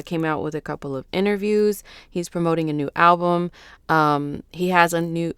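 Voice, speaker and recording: Low-voiced, just-woken astrologer woman, loose and chatty. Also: clean tone, dry recording, studio quality. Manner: loose and chatty, rambling with slang. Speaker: astrologer and channel host. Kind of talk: casual unscripted vlog talk.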